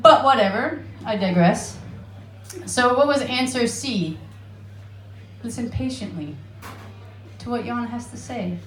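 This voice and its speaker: A woman's voice: a little high, lively intonation, a little slow, reverberant. A woman from Alaska with an American accent doing a profane, self-mocking stand-up set in a comedy club. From Alaska, United States. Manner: brash, profane and self-mocking, with laughing asides. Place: comedy club stage in Amsterdam.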